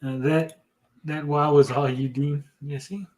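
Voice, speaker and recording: A man's voice: fairly high pitch, flat delivery, measured pace, a little mellow. A man co-hosting a casual chat, teasing and joking. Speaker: co-host.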